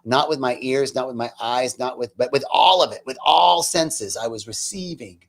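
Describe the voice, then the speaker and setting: A man of middle pitch speaks with deep feeling, sliding from hushed, near-whispered passages to loud, fervent lines. He talks casually and chattily, breaking in with self-mocking asides. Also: moderate pace, gravelly. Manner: earnest and emotional, dropping to near-whispers then rising loud. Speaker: spiritual talk host. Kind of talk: personal spiritual storytelling talk.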